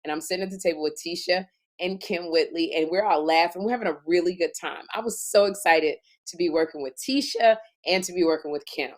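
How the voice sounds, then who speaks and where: A woman's voice: on the low side, a little fast. A woman co-hosting a comedy talk show, telling a funny story and acting out scenes in exaggerated voices. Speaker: podcast co-host.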